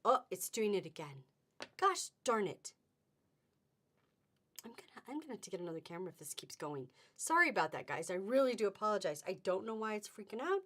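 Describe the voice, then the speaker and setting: A woman's voice: mid-range voice, sing-song, brisk, a bit bright. A middle-aged woman hosting a live fabric sale on webcam, chatty and upbeat with sing-song exclamations. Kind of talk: live-stream selling chat.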